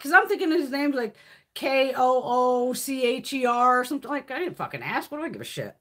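With a high, slightly bright voice, a woman running a casual live stream talks fairly quickly and very animatedly. Her storytelling is blunt and loaded with profanity, and she laughs frequently.

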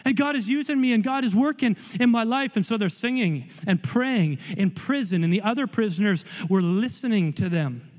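A man preaching as a guest pastor, animated and conversational, with playful asides. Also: high voice, normal speed, few pauses. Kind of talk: sermon. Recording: long hall reverb.

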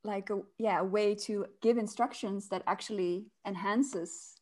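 A woman hosting a casual chat and giving tips, chatty and quick to laugh, with many restarts. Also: mid-range voice, fairly even intonation, darkish tone. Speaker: host.

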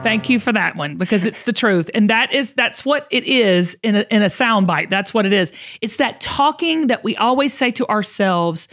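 A woman's voice: medium pitch, lively intonation, moderate pace, hardly any pauses, fairly bright tone. A middle-aged woman, hosting a casual podcast in a folksy, emphatic way, often repeating herself. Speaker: podcast host.

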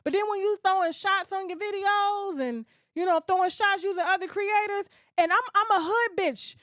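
A woman's voice: extremely high pitch, a bit bright, dry recording, clean studio sound. A woman blogger delivering a blunt, profane rant, mockingly mimicking other people. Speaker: gossip blogger. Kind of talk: ranting monologue.

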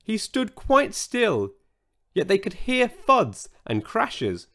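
Slow, animated male storyteller. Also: high voice. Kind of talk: scripted children's story narration.

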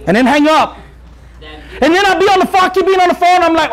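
A man's voice: extremely high pitch, a little fast. A man preaching to a youth group, telling stories and acting out scenes with Spanish phrases. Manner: animated storyteller, acts out scenes, mixes in Spanish phrases. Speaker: youth pastor. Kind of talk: youth sermon with storytelling. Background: audience laughing and responding.

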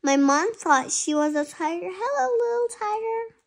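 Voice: extremely high pitch, expressive, normal speed, gravelly, pitched above the performer's own voice, heavily acted. A young reader voicing a young female cat who insists she is a tiger, speaking in an earnest, insistent way during a storybook read-aloud.

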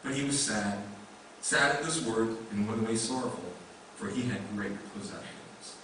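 A man's voice: fairly low pitch, moderate pace, background noise. A male pastor preaching a sermon in a conversational way, with many rhetorical questions. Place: church sanctuary. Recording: echoey room mic from a distance.

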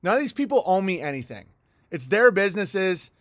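Middle-aged male stream host, fairly high voice, dry close sound, heated profane rambling. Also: very animated, a little fast, no echo. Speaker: livestream host. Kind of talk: rambling livestream monologue reading viewer chats.

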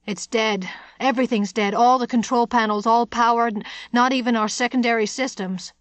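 A man's voice: extremely high pitch, fairly even intonation, moderate pace, a bit bright, dry recording. A woman doing a thin, quivering, nervous technician. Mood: anxious. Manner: anxious, hesitant. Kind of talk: audiobook character voice.

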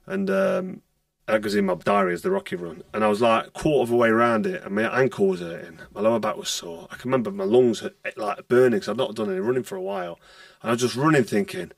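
A retired boxer, telling stories bluntly in a casual podcast chat and swearing freely. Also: male voice, medium pitch, sing-song, fast, gravelly, no room sound, clean studio sound, distant mic. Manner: blunt, swears freely, acts out quoted dialogue.

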